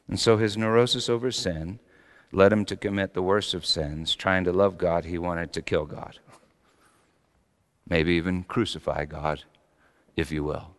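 A middle-aged man preaching a sermon dramatically, swinging between loud high peaks and quiet low passages. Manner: dramatic, with big rises in pitch and volume. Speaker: pastor. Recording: long hall reverb.

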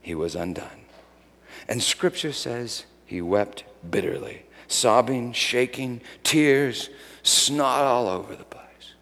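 A middle-aged man preaching a sermon, moving between loud shouted lines and quiet whispers. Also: mid-range voice, takes it slowly. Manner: dramatic swings from shouting to hushed whispers. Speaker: pastor. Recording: long hall reverb.

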